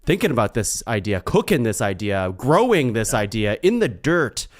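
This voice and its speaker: Male podcast host, excitable, laughs a lot, very animated delivery. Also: mid-range voice, moderate pace. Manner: excitable, laughs often, lively swings in tone. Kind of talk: casual chat.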